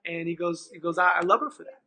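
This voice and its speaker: Speaking fast in a high register, this guest tells a conversational story and performs the dialogue within it. He's a middle-aged after-school program manager from California, lively in manner and prone to frequent restarts.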